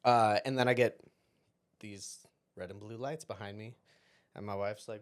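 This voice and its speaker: A man's voice: lowish voice, fairly even intonation, normal speed, clear, resonant tone. A man telling a personal story as a podcast guest, rambling casually and acting out quoted exchanges. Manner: rambling, self-interrupting anecdote with quoted dialogue.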